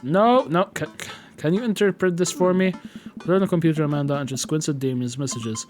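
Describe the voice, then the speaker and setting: A man's voice: a little high, lively intonation, brisk, darkish tone, soft background music. A young man streaming a game, chatting casually and reading its text aloud, swearing now and then. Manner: casual, swears, reads in a rush.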